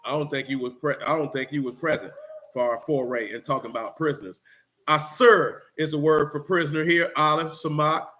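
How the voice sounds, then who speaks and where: A man's voice: a little high, steady tone, brisk, bright, forceful tone, slight background noise. A man preaching a blunt, street-talking sermon mixed with scripture reading. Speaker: teacher.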